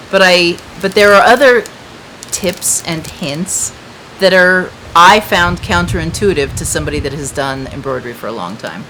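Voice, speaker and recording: Woman, lowish voice, chatty and rambling, casual craft talk outdoors, faint background noise. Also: a bit bright, poor audio. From United States. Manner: chatty, rambling, many fillers. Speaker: craft shop host. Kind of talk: casual chat to viewers. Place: outdoor patio.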